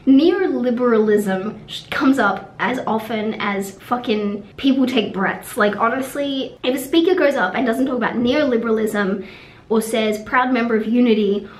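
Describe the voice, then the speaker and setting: A woman's voice: fairly high pitch, moderate pace, reverberant, poor audio. A young woman vlogging, talking frankly in a rambling way, swearing and trailing off. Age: young adult. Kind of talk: casual vlog monologue. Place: room at a conference venue.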